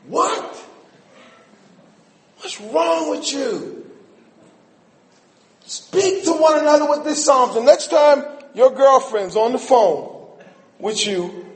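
A middle-aged man preaching a sermon in a church, animated, swinging between shouts and quiet asides. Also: very high voice. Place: church sanctuary. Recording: echoey hall, mic at a distance.

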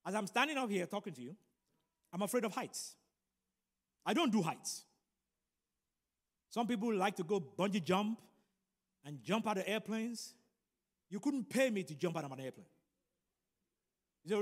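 A middle-aged man preaching a sermon and telling a personal story, animated and building to loud emphatic peaks. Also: high-pitched, moderate pace, long pauses. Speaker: pastor. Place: large church room. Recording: long hall reverb.

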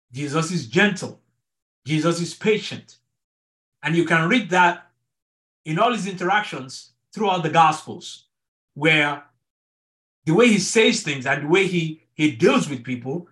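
Man, pastor, online marriage class, earnest, repeats himself, bright ringing tone. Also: a little high, expressive, measured pace, long pauses. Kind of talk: online sermon-style teaching.

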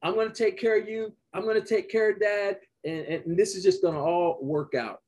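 A man playing a forgiving brother in a quick, casual, reassuring way during a sermon. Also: sits high, fairly even intonation, a little mellow, natural voice.

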